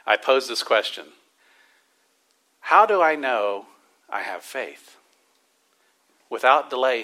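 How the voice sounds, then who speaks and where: A man with a bright, ringing voice preaches in a church. He leans hard on key words, slows them down for weight, then drops almost to a murmur before building up again. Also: medium pitch, rough recording. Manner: emphatic preaching with drawn-out stresses and sudden soft drops. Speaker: pastor. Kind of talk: sermon.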